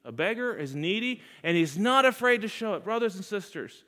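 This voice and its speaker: Man, preacher, sermon, slightly high voice, call-and-response with the congregation, rises loud then drops quiet. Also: big pitch swings, brisk. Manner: sweeping pitch and loudness swings between loud highs and hushed lows.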